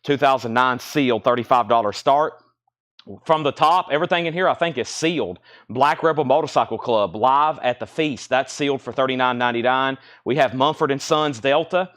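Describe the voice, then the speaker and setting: Man, live record sale host, brisk chatty price calls, slightly choked voice. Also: medium pitch, fairly bright tone. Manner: brisk, chatty auctioneer-style listing of prices. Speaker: livestream record seller. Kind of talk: live sales stream. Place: indoor record shop.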